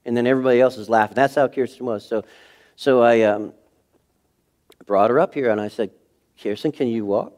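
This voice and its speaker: Middle-aged man, pastor, animated storytelling sermon, mid-range voice. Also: mid-range voice, brisk, pauses often. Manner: animated storytelling, acting out scenes with sudden shifts in loudness. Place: church sanctuary.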